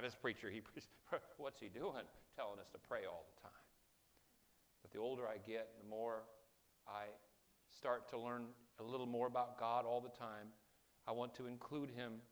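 A man preaching a sermon as pastor, swinging between hushed, quiet passages and loud, impassioned ones. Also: mid-range voice, gravelly.

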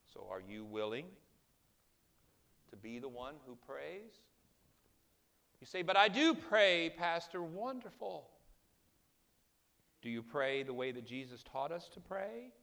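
A man preaching a sermon as pastor, swinging between hushed, quiet passages and loud, impassioned ones. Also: mid-range voice, very animated, slow, vocal fry, long pauses.

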